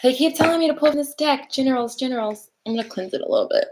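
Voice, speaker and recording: A woman's voice: high voice, fast, background noise. A woman giving casual live tarot readings, chatty and laughing often as she talks to viewers. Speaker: tarot reader.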